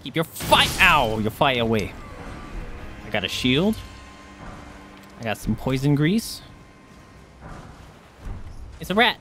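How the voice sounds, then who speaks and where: A man's voice: medium pitch, takes it slowly, pauses often, faint music behind. A man livestreaming a game, chatting to viewers and yelping and swearing at enemies. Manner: excitable, yelps and swears at enemies; chatty, thanks viewers by name. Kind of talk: live gameplay commentary.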